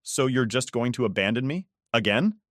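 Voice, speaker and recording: A man's voice: medium pitch, animated, normal speed, a bit bright, no room sound, studio quality, lightly acted. A man voicing a bitter, hurt teenage girl. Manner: bitter, aggrieved.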